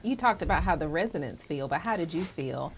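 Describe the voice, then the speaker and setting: Friendly NC woman host, low pitch, encouraging interviewer, faint background rumble. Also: lively intonation, a little fast. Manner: friendly, encouraging, asks follow-ups. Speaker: interviewer for a city program. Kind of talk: interview questions.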